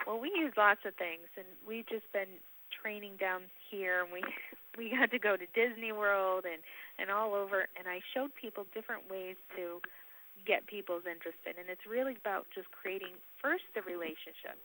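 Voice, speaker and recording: A woman sales trainer giving a training talk as an animated storyteller. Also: mid-range voice, normal speed, poor audio.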